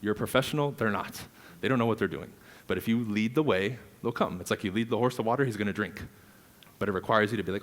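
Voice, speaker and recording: A fast-talking man with a fairly low voice teaches a live seminar on real estate prospecting. He coaches the audience energetically, acting out client dialogue and laughing often.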